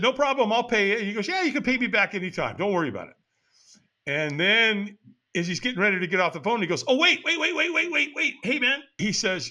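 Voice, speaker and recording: An older man from the United States, a podcast guest, telling a personal story in conversation and acting out the dialogue as he goes. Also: high-pitched. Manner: animated, acts out quoted dialogue in the story.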